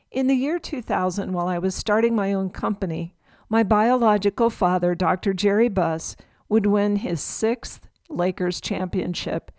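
A middle-aged woman reading her memoir aloud in a measured, reflective storytelling manner. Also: mid-range voice, no room sound. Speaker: memoir narrator.

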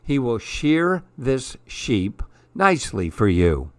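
A practical, helpful storybook vet woman with a brisk, matter-of-fact manner, as a man reading aloud voices her. Slow, dry and close to the mic. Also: medium pitch, sing-song, no echo.

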